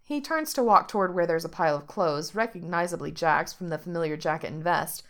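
A woman narrating a story aloud with steady, expressive delivery. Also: fairly low pitch, fairly quick.

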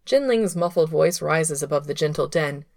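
A woman reading a story aloud in a steady, unhurried way, close to the microphone. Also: sits low, dry recording. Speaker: reader of fan fiction. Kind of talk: audiobook narration.

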